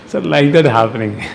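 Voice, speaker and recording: A man with an Indian English accent teaching a devotional class, lively and teasing, with rhetorical questions and chuckles. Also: mid-range voice, creaky. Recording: long hall reverb, faint noise.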